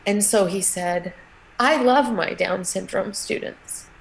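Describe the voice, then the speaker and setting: A middle-aged woman, a guest in an interview, telling a personal story in a halting, emotional way with many restarts. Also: medium pitch, gravelly, a little hiss or hum, low-quality recording.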